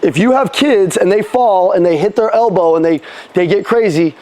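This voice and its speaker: High-voiced man coaching a live sales room. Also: darkish tone. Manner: punchy call-and-response coaching; casual, swears, quick restarts. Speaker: sales trainer.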